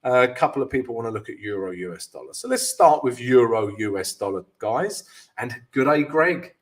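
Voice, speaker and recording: A man's voice: mid-range voice, animated, brisk. A man hosting a live trading stream, walking viewers through charts and greeting them by name, with frequent "yeah" and "guys". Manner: explanatory, peppered with "yeah" and "guys", reading out viewer names.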